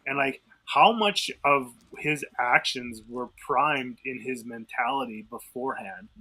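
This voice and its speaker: Man, bright voice, casual discussion, thinks aloud. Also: mid-range voice, measured pace, husky, poor audio. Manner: thinks aloud, many fillers and restarts. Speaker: podcast co-host.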